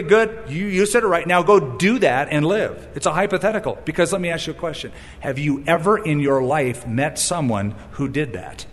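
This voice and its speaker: A man preaching a sermon, animated and storytelling, who acts out the voices he quotes and breaks in with wry asides. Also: fairly high pitch, long reverb tail. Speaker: pastor.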